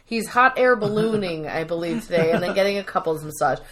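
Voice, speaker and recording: A woman's voice: lowish voice, lively intonation, a little fast, a bit bright. A woman co-hosting a casual podcast, chattily retelling a TV episode and acting out lines from it. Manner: chatty storytelling, acts out quotes in voices. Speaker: podcast co-host recapping a TV episode. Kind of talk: casual chat.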